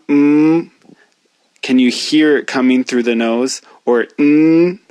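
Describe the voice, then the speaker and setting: A man teaching a pronunciation lesson, speaking slowly and deliberately as he demonstrates each sound. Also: mid-range voice, no echo. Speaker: language teacher.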